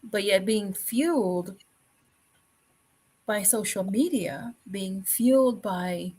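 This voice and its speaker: This woman hosts a podcast-style talk show, chatting conversationally in an earnest way, repeating phrases and using lots of fillers. Her mid-range voice is slightly mellow and a little rough, delivered slowly on a low-quality recording.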